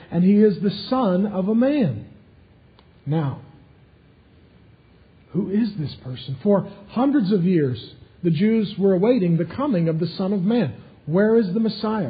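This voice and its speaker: A man's voice: sits high, highs cut off. A man preaching a sermon to a congregation, emphatic and driving his points home by repeating key phrases. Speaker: pastor.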